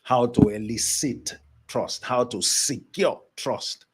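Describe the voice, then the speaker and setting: A man's voice: mid-range voice, slow pace, slightly rough. A man giving a motivational leadership lesson in an emphatic, preacher-like way, repeating his key points. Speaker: leadership coach.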